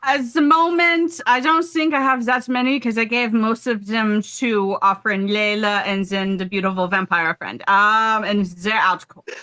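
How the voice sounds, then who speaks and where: A woman's voice: mid-range voice, steady tone, unhurried, sharp tone. A woman playing in a tabletop game, talking earnestly and standing up for her choices. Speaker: player. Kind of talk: casual tabletop game talk.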